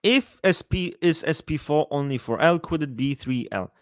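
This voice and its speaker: A man chatting casually on a live stream, answering his chat in a profane, rambling, animated way. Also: fairly high pitch, normal speed, no room sound, clean studio sound.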